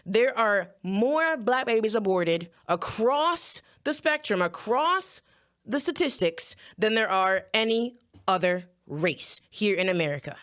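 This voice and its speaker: A woman's voice: medium pitch, lively intonation, unhurried, fairly bright tone. Earnest woman fighting back tears. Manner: earnest, emotional, addresses viewers directly, repeats phrases. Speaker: commentator. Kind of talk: impassioned video commentary.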